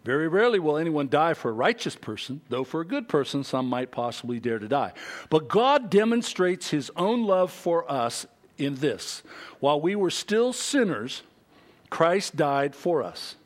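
A man preaching a sermon as pastor, emphatic and animated, acting out other people's voices and reading scripture aloud. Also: a little high, normal speed.

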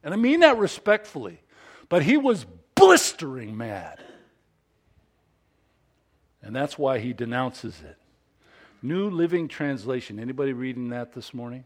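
Preaching at an unhurried pace with long pauses, a middle-aged Southern California pastor sounds very animated in his mid-range voice. The sermon is folksy and self-mocking, full of stumbling restarts and sudden jumps from gentle asides to loud stress.

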